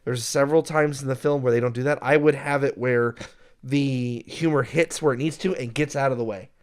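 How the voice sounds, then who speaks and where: Animated man reviewing a film. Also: medium pitch, brisk, clean tone. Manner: animated, acts out scenes in exaggerated voices. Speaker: podcast co-host reviewing films. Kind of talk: casual film review chat.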